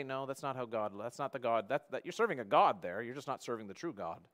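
A man preaching a sermon in an earnest tone, swinging between loud emphasis and quiet, hushed passages. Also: mid-range voice, expressive, quick pace. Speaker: pastor.

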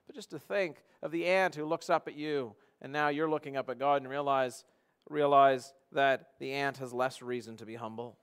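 A man preaching a sermon in an earnest tone, swinging between loud emphasis and quiet, hushed passages. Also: medium pitch, steady tone, normal speed, clear, resonant tone. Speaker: pastor.

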